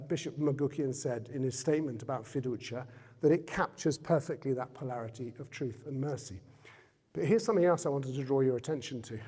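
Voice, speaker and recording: A man's voice: medium pitch, dark tone, slightly rough. A man giving a public talk as a guest speaker in a Jesuit centre hall, speaking conversationally and asking the audience questions. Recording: reverberant hall.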